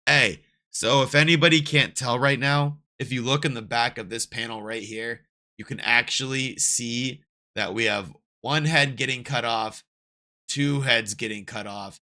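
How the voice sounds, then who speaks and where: A man hosting a casual manga reaction, reading aloud, who gets excited and swears freely. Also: mid-range voice, a little slow. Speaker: reaction host.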